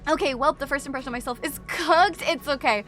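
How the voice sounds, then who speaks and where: A woman streamer chatting casually with her chat, apologetic and bubbly, quick to gasp and laugh. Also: high-pitched, a bit bright, faint music behind.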